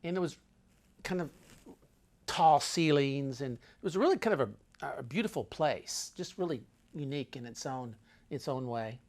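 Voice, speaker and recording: Easygoing male storyteller, medium pitch, meandering delivery with lots of restarts. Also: expressive, moderate pace, a little mellow. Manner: meandering, full of restarts and asides. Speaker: travel storyteller. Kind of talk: casual spoken travel story.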